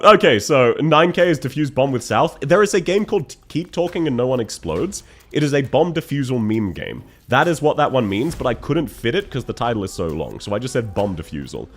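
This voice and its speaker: Man, young, live-stream chat, animated delivery, faint background music. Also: mid-range voice, a little fast, few pauses. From Australia. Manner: emotional, laughing between words, thanking chat.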